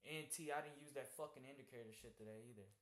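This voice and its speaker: A man's voice: mid-range voice, fast. A young man chatting casually on a call and telling stories with heavy slang and swearing. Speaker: trading streamer. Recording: echoey room.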